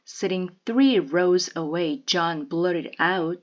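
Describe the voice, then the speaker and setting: A woman reading a children's novel aloud in a measured, expressive way. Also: fairly low pitch, lo-fi sound.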